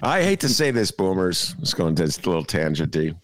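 An older man co-hosting a podcast, riffing on politics in a jokey, animated way with many asides. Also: low voice, brisk, no room sound. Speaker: podcast co-host. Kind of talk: casual political commentary.

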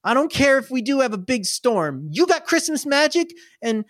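A man's voice: very high voice, sing-song, moderate pace, fairly bright tone, no room sound, studio quality, pitched above the performer's own voice, exaggerated voice. Tabletop game figure: a nervous stubborn young boy, blunt and mumbling, played by a man. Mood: pleading. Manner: blunt, pleading, mumbles to himself.

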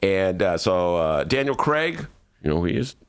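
A man's voice: low-pitched, normal speed, smooth. A man hosting a casual talk radio show from a studio, rambling and joking about his week. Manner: rambling, animated, jokey. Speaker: radio show host and columnist.

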